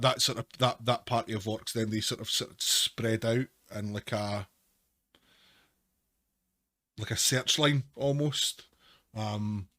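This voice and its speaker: A man with a lowish voice narrates a tabletop game as its game master, dry and close to the mic. He describes the scene loosely, leaning on words like "sort of.". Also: sharp tone, no room sound.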